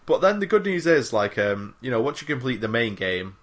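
A man's voice: medium pitch, sing-song, brisk. A young man on a gaming podcast, rambling through a casual chat with lots of fillers. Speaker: podcast co-host.

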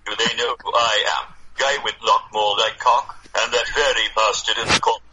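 A text-to-speech voice playing a touchy, boastful, crude man with flat synthetic speech in a podcast comedy sketch. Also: fairly low pitch, normal speed, background noise. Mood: offended.

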